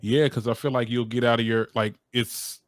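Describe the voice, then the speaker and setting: A man hosting a casual interview, chatty and relaxed, with many fillers. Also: medium pitch, moderate pace, no echo, studio quality. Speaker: interview host.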